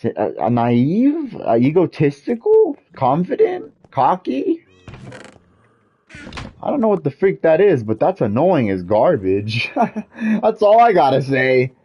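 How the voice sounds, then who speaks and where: A man's voice: on the high side, wildly swooping pitch, a little slow, slightly rough, muffled recording. A man streaming a game while venting in a frustrated, repetitive rant. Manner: frustrated ranting, repetitive, swears mildly. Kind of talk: casual gaming stream rant.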